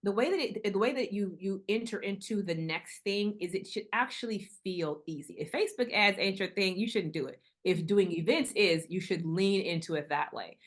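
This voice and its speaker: Woman, middle-aged, interview guest, casual, animated storyteller. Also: medium pitch, moderate pace, few pauses. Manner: animated storytelling, acting out quoted voices.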